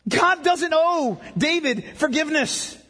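Husky pastor guy preaching hard, voice sits way up high, echoing big hall. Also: animated, a little slow, bright, forceful tone. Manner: impassioned, emphatic preaching. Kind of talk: sermon. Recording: long reverb of a large hall.

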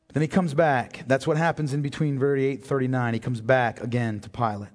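A man preaching a sermon as pastor, swinging from hushed reading to shouted emphasis. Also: medium pitch, steady tone, brisk. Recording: hall reverb.

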